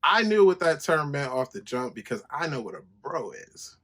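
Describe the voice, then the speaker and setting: A man hosts his own podcast in a casual solo monologue. His voice sits a little high and leaps even higher whenever he quotes himself or others. He swears freely as he tells a long personal story. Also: normal speed. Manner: animated storytelling, profane, jumps to high pitch when quoting himself. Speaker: podcast host.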